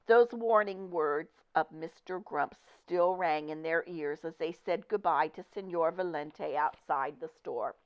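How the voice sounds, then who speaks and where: A woman reading a children's picture book aloud with expressive, deliberate storytelling. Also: fairly low pitch. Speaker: storybook reader. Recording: dull lo-fi recording.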